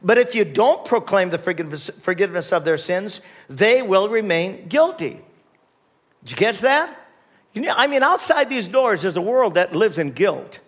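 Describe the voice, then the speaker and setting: A man with a notably high-pitched voice preaches a sermon. He reads scripture aloud and sometimes breaks into sudden emphatic rises. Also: big pitch swings, moderate pace, fairly bright tone. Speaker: pastor.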